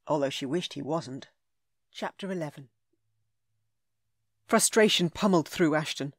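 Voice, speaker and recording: A woman narrating a romance audiobook in a smooth, measured, intimate way. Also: deep voice, no room sound, studio quality. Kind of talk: scripted narration.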